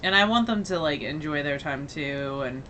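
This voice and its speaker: A woman's voice: low-pitched, animated, moderate pace, pushed and bright, a little hiss or hum. A woman co-hosting a podcast, chatting casually in a rambling way, with a slight mix of Northern and Southern US accent. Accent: slight mixed Northern and Southern US. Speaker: podcast co-host. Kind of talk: casual chat.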